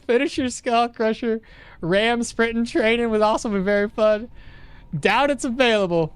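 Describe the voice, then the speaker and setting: A man's voice: very high voice, normal speed, smooth, dry recording. A man streaming a game live, chatting casually with his viewers and laughing often as he plays. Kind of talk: live gameplay commentary to chat.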